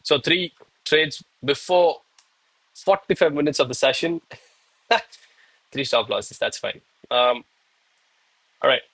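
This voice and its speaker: A man's voice: medium pitch, animated, slow, pauses often, a bit bright, slightly rough, dry recording, low-quality recording. A young man chatting casually with viewers on a live trading stream, breathless and hyped between sets of push-ups.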